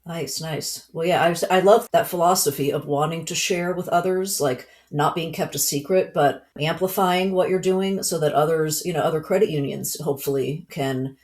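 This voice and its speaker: A woman's voice: deep voice, normal speed, hardly any pauses, darkish tone. A woman hosting an interview show, chatty and upbeat in casual conversation. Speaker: host.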